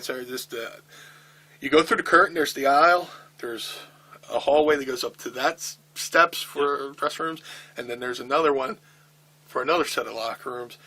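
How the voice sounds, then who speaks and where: A middle-aged man with a bright, forward voice tells a backstage story in a shoot interview. He swears constantly and acts out the other people's lines as he goes. His pitch sits right in the middle for a man. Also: slightly rough. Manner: profane, animated storytelling with acted-out quotes. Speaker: wrestler telling a backstage story.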